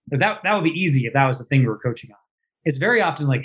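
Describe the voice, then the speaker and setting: A man who is a coach talking casually, animated and acting out example lines as he explains. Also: a little high, racing, breathy edge. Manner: animated, acts out example lines in lively voices. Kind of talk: conversational talk about coaching.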